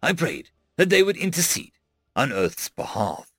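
Expressive male audiobook narrator. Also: fairly high pitch, measured pace, husky, no room sound, studio quality. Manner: expressive storytelling.

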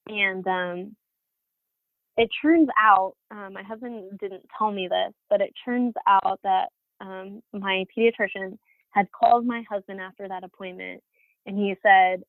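A woman's voice: mid-range voice, steady tone, a little slow, no echo. A woman in her thirties telling her personal story as an interview guest, candid, with many fillers and restarts. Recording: dry, phone-like audio.

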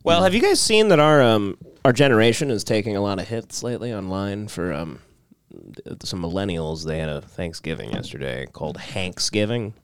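A man's voice: lowish voice, expressive, a little fast, smooth, no echo. A young man hosting a casual podcast chat, telling jokey stories and mimicking people he met. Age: young adult. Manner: jokey storyteller, mimics people in raised voices. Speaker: podcast host.

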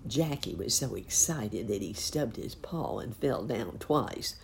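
A woman reading a children's storybook aloud in a gentle, expressive way. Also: a bass voice, unhurried, vocal fry, slight background noise.

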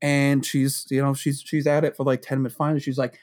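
A man's voice: medium pitch, fast talker. A man co-hosting a podcast, telling a story in casual chat with lots of laughter and acted-out quotes. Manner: animated storyteller, laughs often, acts out quotes. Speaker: podcast co-host.

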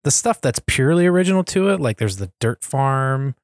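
A man's voice: medium pitch, expressive, fairly quick, no room sound, studio quality. A man chatting easily on a podcast, laughing often. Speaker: podcast guest. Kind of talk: casual podcast chat.

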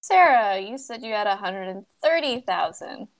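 A young woman co-hosting a casual chat, telling stories in an animated, exasperated way and swearing freely. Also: medium pitch, moderate pace. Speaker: podcast co-host. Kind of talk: casual chat among friends about a mobile game.

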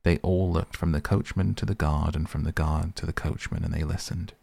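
A man narrating a classic novel as an audiobook in a measured, steady way. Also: rumbling low, gravelly, no room sound. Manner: measured, even storytelling.

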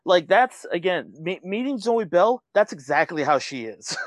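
A man's voice: high-pitched, sing-song, dry recording. A man co-hosting a podcast, talking about films casually with enthusiasm and frequent laughter. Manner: laughing, enthusiastic, quick agreement. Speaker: podcast co-host. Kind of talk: casual film discussion.

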